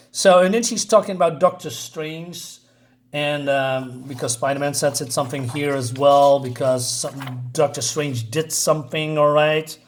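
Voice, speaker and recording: A man talks through a comic book review in a loose, casual way, often hesitating with fillers and side remarks. His voice sits somewhat high for a man. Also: fairly even intonation, a little slow, a little hiss or hum.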